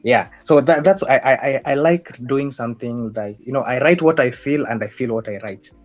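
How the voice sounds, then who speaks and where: A man from Kenya with a Kenyan accent, a guest poet chatting casually on a video call, halting and repeating his words. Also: medium pitch, faint music behind. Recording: dull lo-fi call audio.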